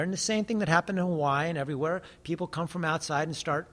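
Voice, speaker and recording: An American man who holds forth in a casual conversation, earnest and preachy, with a lot of swearing. His voice sits on the higher side for a man. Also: fast, a bit bright. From United States. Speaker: guest.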